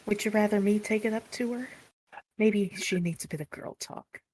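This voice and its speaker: A player putting on a husky motherly old woman. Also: mid-range voice, moderate pace, a little mellow, natural voice, rough recording. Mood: fussing. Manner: fussing, affectionate, calls others sweetheart.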